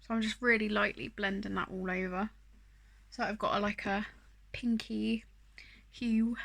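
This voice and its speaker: Chatty woman, bright voice. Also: mid-range voice, little pitch movement, measured pace, gravelly. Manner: chatty, self-deprecating, rambling with fillers. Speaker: beauty vlogger. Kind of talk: casual makeup tutorial chat.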